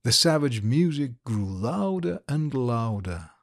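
A man reading a classic short story aloud slowly and clearly for English learners. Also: mid-range voice, big pitch swings, dry recording, studio quality. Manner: slow, deliberate, clear reading. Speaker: narrator.

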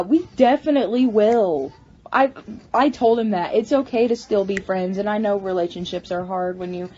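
A woman talking in a casual personal vlog, halting with many restarts and stammers. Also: mid-range voice, a little mellow, slight background noise. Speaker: vlogger. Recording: slightly muffled home recording.

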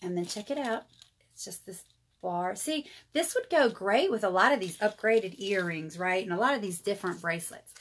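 A woman's voice: mid-range voice, expressive, moderate pace, a bit bright. A woman, chatting through a live jewelry sale and calling her viewers y'all. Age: 30s. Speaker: jewelry seller. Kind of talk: live jewelry sales stream.

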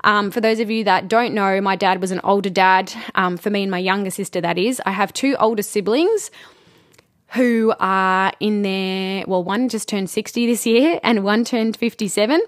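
A woman in her thirties, a spiritual intuitive hosting a personal podcast, speaking gently and reflectively with many pauses and fillers. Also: medium pitch, no room sound, studio quality.

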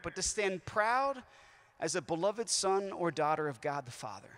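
A man giving a talk at a youth conference, telling stories in a lively way with shifting emphasis. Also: sits high. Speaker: conference speaker. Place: large conference hall. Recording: echoey hall with long reverb.

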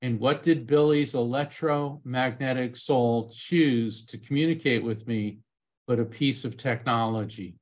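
Middle-aged guy giving a talk, storytelling, gets animated acting out voices. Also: medium pitch, a little slow. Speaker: conference speaker, medium.

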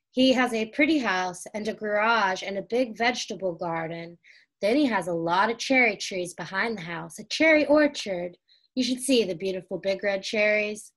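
A woman's voice: medium pitch, a bit bright. Henry, a kind big brother, read by a woman. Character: eager older boy, the kind big brother.

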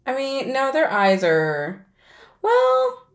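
A woman co-hosting an anime reaction video, musing out loud in casual chat with lots of "like". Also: high-pitched, wildly swooping pitch, slow, creaky, echoey room. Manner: rambling, speculative, lots of "like". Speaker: co-host of an anime reaction channel.

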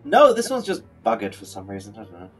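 British guy, deep voice, dry sarcastic quips, swooping delivery, sounds distant over a faulty mic. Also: huge pitch swings, fast, music in the background. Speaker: gaming stream guest. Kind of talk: casual group chat while gaming.

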